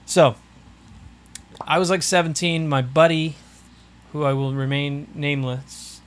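A man's voice: a little high, steady tone, measured pace. Laid-back male podcast host telling stories. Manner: laid-back storytelling, laughs often. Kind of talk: casual chat.

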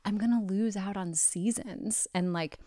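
A young woman from Ohio, a therapist co-hosting a podcast, chatting in an animated, self-mocking way and laughing a lot. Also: mid-range voice, unhurried, dry recording, clean studio sound. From small town near Cincinnati, Ohio. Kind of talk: casual chat.

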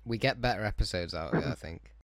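A man's voice: fairly low pitch, quick pace, a crowd in the background. A man co-hosting a casual podcast chat, jokey and playful. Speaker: podcast co-host.

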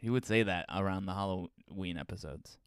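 A man co-hosting a casual podcast, playful and quick to laugh. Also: sits low, smooth, dry recording, studio quality. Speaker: podcast co-host. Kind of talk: casual chat.

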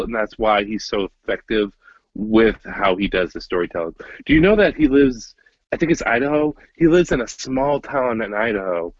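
A young man talks fast and loose on a podcast, swearing freely and restarting sentences. His voice is husky and the close, dry recording sounds dull and lo-fi. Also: lowish voice, expressive, no room sound. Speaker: podcast co-host. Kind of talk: casual chat.

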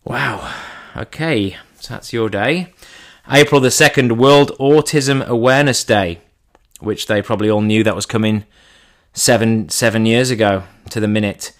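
A man giving a comedic monologue in an irreverent, deadpan way, his pitch jumping up for punchlines. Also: normal speed.

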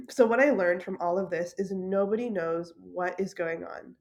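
A woman's voice: on the low side, normal speed, a little mellow. A woman from Canada telling a story in a casual monologue, laughing often and swearing casually. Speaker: podcast host.

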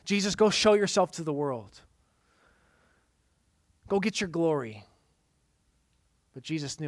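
A man preaching a sermon in a slightly high voice. He swings between loud, emphatic lines and hushed, quiet passages. The sound is dry and close, with no room echo. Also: expressive, unhurried, long pauses. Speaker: pastor.

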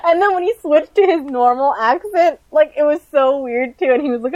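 A woman in casual conversation, talking in a loose, chatty way full of fillers and quick laughs. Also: sits high, darkish tone, rough recording. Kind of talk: casual chat.

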